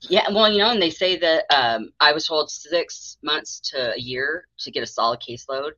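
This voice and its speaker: Her low voice is bright, forceful, and expressive, moving at a moderate pace with no room sound. As a guest in a casual interview, this middle-aged mental health therapist tells her story and mimics the people she quotes, on a dull, dry, lo-fi recording.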